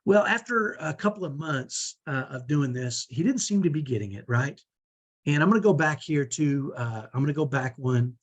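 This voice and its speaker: Middle-aged male parent coach, husky and slightly high-pitched, conversational teaching delivery with frequent check-in tags. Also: expressive, normal speed, dull audio. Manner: conversational, often ends points with "right?".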